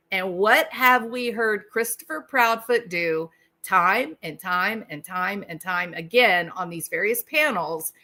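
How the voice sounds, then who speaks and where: A woman delivers a commentary monologue in a bright, forceful voice at an unhurried pace. She keeps asking the listener rhetorical questions. Now and then she acts out imagined dialogue in other voices. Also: medium pitch. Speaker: channel host. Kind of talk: true-crime commentary monologue.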